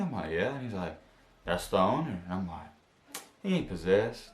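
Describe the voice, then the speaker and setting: A young man telling a spooky personal story as a vlogger. He talks in casual slang, going from hushed to loud and excited. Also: sits low, normal speed, echoey room. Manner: animated storytelling, slang-heavy, jumps from hushed to shouting. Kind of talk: story time vlog. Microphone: camera mic.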